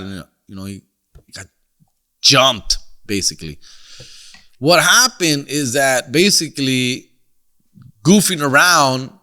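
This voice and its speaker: A middle-aged comedian hosts a podcast, telling a story in casual slang mixed with Spanish and peppered with "fool" and "dog". His voice is medium-pitched with a sharp tone.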